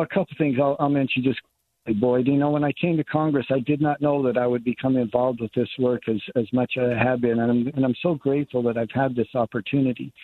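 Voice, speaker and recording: A man's voice: medium pitch, no echo. Older man on a tinny phone line. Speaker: congressman, guest. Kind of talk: radio interview by phone.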